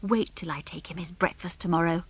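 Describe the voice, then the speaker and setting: A woman's voice: on the low side, fairly even intonation, fairly quick, breathy edge. A woman voicing a fierce, tomboyish girl who speaks bluntly, in a storybook reading.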